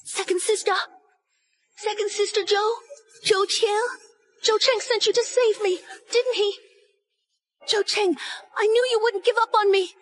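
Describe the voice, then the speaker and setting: An actress playing a proud, spoiled young noblewoman in an animated drama, talking in a shrill, pleading, emotional way. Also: measured pace, pauses often. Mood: hopeful.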